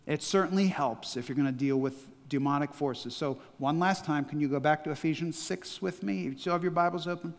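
A man's voice: fairly high pitch, brisk, few pauses. A man in his sixties with a Midwestern American accent, a pastor preaching a sermon with emphatic call-and-response, recorded in a large church hall. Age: 60s. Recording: long church-hall reverb.

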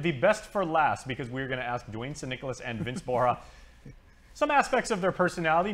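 A man's voice: mid-range voice, a bit bright. A man hosting a TV talk show, interviewing guests in a casual, joking way. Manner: fast-talking, joking with guests.

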